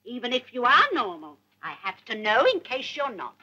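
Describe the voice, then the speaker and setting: A woman's voice: fairly high pitch, sing-song, normal speed, bright, forceful tone, breathy edge, exaggerated voice. A woman playing a fussy, doting old nanny in a 1950s British film, scolding grown men in baby talk. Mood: scolding, coaxing. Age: older. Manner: baby-talking, scolding like to a child.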